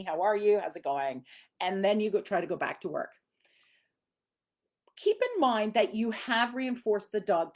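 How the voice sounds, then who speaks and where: A woman's voice: mid-range voice, darkish tone. Chatty woman dog trainer streaming live. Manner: chatty, conversational, many fillers. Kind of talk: casual live-stream teaching.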